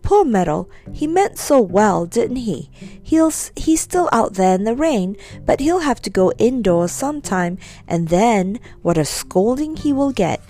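Lively woman reading a children's story. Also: on the high side, measured pace.

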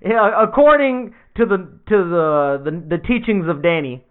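A man's voice: high voice, very animated, measured pace, smooth. A young man in casual chat, slangy and laid-back, swearing freely, recovering from surgery. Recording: tinny lo-fi phone-like sound.

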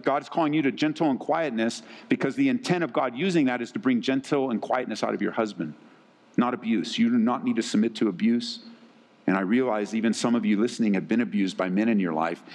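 An earnest man preaches a sermon in a middle-pitched voice. He hammers home his points by repeating words and phrases. His voice carries a long reverb, as if from a large hall. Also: a little fast. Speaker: pastor.

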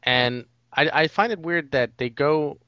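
A man's voice: fairly high pitch, expressive, a little slow, pushed and bright, clear, resonant tone, dry recording, muffled recording. A man co-hosting a casual movie podcast, rambling and leaning on "like" and "you know.". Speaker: podcast co-host.

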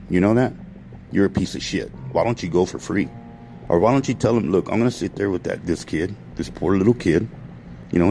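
Man, very deep voice, fry, profane rambling vlog rant. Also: darkish tone, poor audio. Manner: profane, ranting, self-interrupting. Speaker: vlogger. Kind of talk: rambling monologue to followers.

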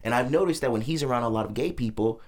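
A man hosting a podcast in casual chat, animated and profane as he talks over a fight on screen. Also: medium pitch, rapid-fire. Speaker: podcast host.

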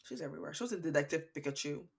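Chatty low-voiced young Canadian woman. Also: lively intonation, racing, gravelly, slightly rough. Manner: chatty, rambling with fun facts. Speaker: podcast co-host. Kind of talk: casual chat.

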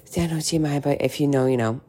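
A woman's voice: low voice, quick pace, mellow, husky. A middle-aged woman coaching on weight loss in a frank, chatty monologue, swearing freely and tossing in asides. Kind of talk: casual podcast monologue.

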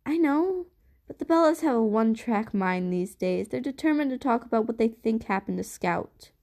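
A woman's voice: a little high, lively intonation, moderate pace, darkish tone. A woman doing a firm, anxious mother.

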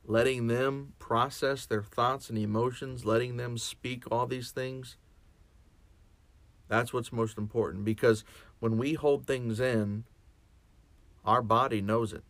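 A man's voice: mid-range voice, fairly bright tone, no echo. A man speaking as a chaplain in a reflective podcast monologue, earnest and often restarting and repeating his words.

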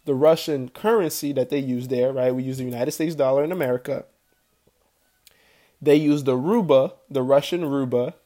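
A man's voice: medium pitch, warm tone. A young man hosting a podcast in casual solo commentary, chatty and slangy, often asking "right?" to his listeners. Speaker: podcast host.

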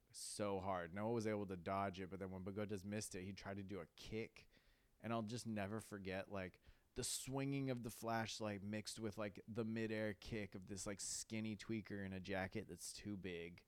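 A man's voice: fairly low pitch, steady tone, unhurried, smooth, no room sound. A young man, hosting a podcast and telling rambling stories, swearing and saying "like" a lot. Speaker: podcast host. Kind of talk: casual storytelling monologue.

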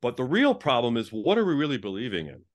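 A middle-aged man, a former pastor, telling his story as a guest in a conversational interview, animated and full of restarts. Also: medium pitch, fast talker. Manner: animated, frequent restarts, acts out quoted exchanges.

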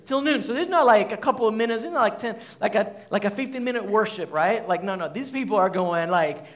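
A pastor preaches to a congregation in a church hall, his voice sitting high and moving fairly quickly. He's conversational and animated, throwing questions at the audience and filling his speech with lots of fillers.

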